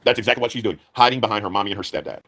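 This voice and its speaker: A man's voice: lowish voice, very fast, sharp tone. A man ranting angrily on a live stream, swearing heavily and repeating himself. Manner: profane, heated, repetitive. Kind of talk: angry rant.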